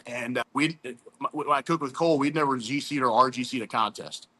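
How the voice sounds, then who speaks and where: A man in his thirties from St. Louis talks in a loose, chatty storytelling way. His voice is bright and forward at an ordinary pitch, and he peppers his talk with "dude" and "man". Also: brisk, a little hiss or hum. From St. Louis, USA. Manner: laid-back, chatty, says "dude" and "man" a lot. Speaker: competition barbecue pitmaster guest. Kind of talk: casual storytelling interview.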